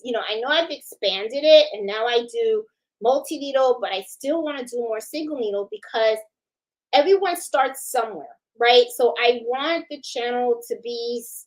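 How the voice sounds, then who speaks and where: A woman's voice: on the high side, low-quality recording. A middle-aged woman from New York City hosting a casual live chat, talking in a loose, chatty way full of fillers and restarts and greeting viewers one by one. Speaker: livestream host.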